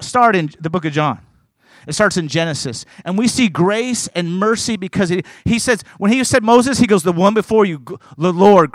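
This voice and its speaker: Male preacher, high voice, earnest and emphatic, stumbles into chatty asides, close and dry. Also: a bit bright, dry recording. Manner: earnest, emphatic preaching, reading scripture aloud; conversational asides with stumbles and repeats. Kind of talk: sermon.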